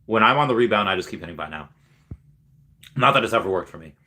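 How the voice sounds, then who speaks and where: A man's voice: on the low side, lively intonation, quick pace, bright, forceful tone. A man hosting a casual livestream, reading viewer comments aloud with lots of ums and cheering on the winners. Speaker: livestream host reading chat.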